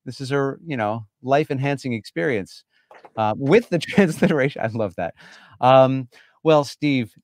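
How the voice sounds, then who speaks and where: A man's voice: mid-range voice, animated, normal speed, a little mellow. A man hosting a live stream, chatting with a guest in an effusive, enthusiastic way. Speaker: host. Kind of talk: casual live-stream chat.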